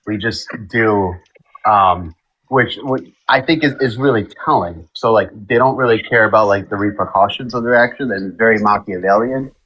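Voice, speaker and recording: A man in a political chat making a measured point, hesitating and thinking aloud as he goes. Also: on the low side, sharp tone, husky, lo-fi sound.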